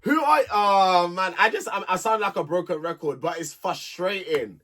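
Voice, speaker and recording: A man's voice: sits high, steady tone, normal speed, fairly bright tone. Sassy man ranting over reality TV. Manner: sassy, exasperated, talks straight at people on the show. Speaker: reality TV reviewer. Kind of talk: animated solo review rant.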